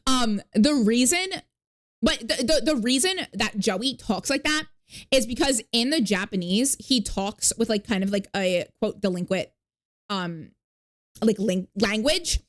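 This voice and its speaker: A woman streamer, not from New York, chats casually with her viewers on a live stream in a slightly high, unhurried voice. She rambles with plenty of fillers, swears freely and pauses to thank new followers.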